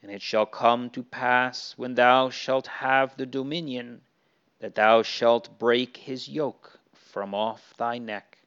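A man voicing an aged, shaken father who speaks softly and then pronounces a solemn blessing, on a dull lo-fi recording. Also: mid-range voice, steady tone, slow, clear, resonant tone. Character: aged blind father Isaac, frightened and solemn.

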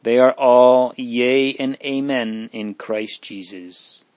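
A man reading the part of a dying young woman, faint, gentle and prayerful, in a story read aloud. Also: mid-range voice, no echo, lightly acted. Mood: faint, devout. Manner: soft, slow, faint and prayerful. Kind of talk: reading aloud from a religious narrative.

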